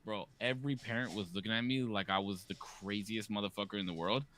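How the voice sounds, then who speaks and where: A man in his thirties hosting a podcast, telling stories in a casual, profane, animated way. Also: on the low side, fast talker. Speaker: podcast host. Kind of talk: casual chat.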